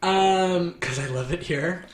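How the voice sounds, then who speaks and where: A man's voice: sits high, takes it slowly. A man in his twenties from Boston, a podcast guest chatting in a laid-back way. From Boston, Massachusetts. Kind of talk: casual interview chat. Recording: echoey room.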